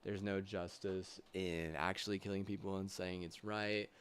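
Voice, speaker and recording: A young man streaming live, ranting angrily with constant swearing, halting restarts and loud agitated bursts. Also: low-pitched, flat delivery, smooth. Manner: heated, profane, swearing constantly; halting restarts, trailing fillers. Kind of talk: angry livestream rant.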